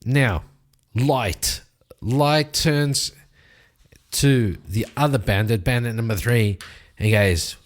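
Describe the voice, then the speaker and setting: A man narrating his solo tabletop role-playing game, telling the fight with lively sound effects. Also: mid-range voice, slow pace, pauses often. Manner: animated storytelling with sound effects.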